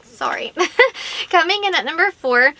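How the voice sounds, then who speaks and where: Brief: young woman vlogger, high and bright, gushing chatty review style. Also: expressive, a little slow, slight background noise. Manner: gushing, chatty, many fillers like "like" and "um". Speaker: beauty vlogger. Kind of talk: casual product review to camera.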